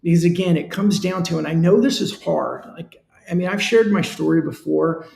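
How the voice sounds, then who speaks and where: A man's voice: fairly high pitch, moderate pace, vocal fry, darkish tone, reverberant. A man hosting a live-stream business talk, speaking earnestly and conversationally in a coaching tone. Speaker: show host.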